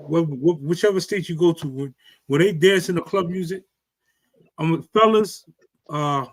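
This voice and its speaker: A man's voice: fairly high pitch, no room sound. A man in casual chat, stammering a little as he gives jokey advice.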